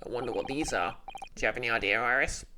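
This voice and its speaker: A woman's voice: rumbling low, quick pace, background noise, pitched below the performer's own voice. A woman voicing an earnest, puzzled young male lawyer, reading the hero's lines from a mystery game.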